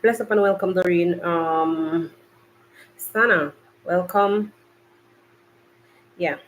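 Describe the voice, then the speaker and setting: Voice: medium pitch, slight background noise, rough recording. A podcast host from Jamaica, rambling in a chatty way straight to live viewers from a makeshift home studio, recorded on a laptop. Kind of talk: casual live-stream chat. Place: makeshift home studio, hot bright room.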